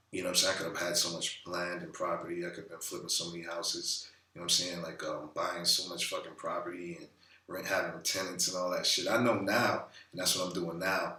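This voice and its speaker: Low-voiced man rambling in an echoey room. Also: bright, forceful tone, far from the mic. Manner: loose, profane, rambling with many fillers. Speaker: vlogger. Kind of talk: casual talking-head monologue. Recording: roomy echo, a bit off-mic.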